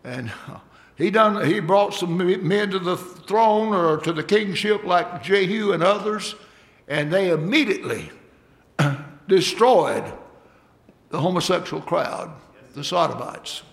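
A man's voice: sits high, lively intonation, takes it slowly, gravelly. A man preaching a sermon, folksy and emphatic, calling out for amens from the congregation.

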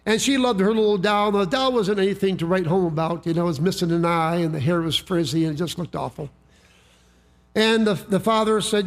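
Man, pastor, high voice, folksy sermon, stumbling restarts. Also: a little fast. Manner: folksy storytelling with frequent restarts.

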